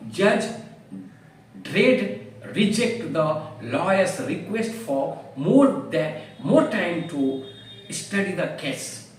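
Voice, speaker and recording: A man teaching English vocabulary at a slow, deliberate pace, his high voice rising and falling widely. He explains each word with careful examples. He sits far from the mic in a strongly echoing room.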